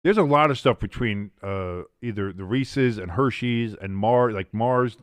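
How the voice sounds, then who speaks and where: Low-voiced man rambling on a stream. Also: measured pace, no room sound. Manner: rambling, with fillers, restarts and casual swearing. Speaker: host of a sports watch-along stream. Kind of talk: casual chat with play-by-play calls.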